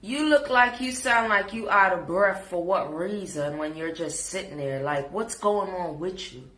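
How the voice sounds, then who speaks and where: A woman's voice: fairly low pitch, animated, a little slow, a bit bright, roomy sound. A woman with a Jamaican accent, scolding and preaching in a sassy live reaction rant. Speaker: social media commentator.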